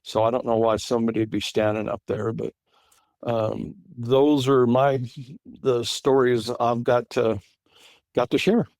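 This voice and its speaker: A man's voice: medium pitch, little pitch movement, unhurried, darkish tone, dry recording. A middle-aged man from California recounting an encounter in a rambling way, restarting his sentences often over a remote call. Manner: rambling, many restarts and fillers. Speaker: guest witness. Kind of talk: casual interview storytelling.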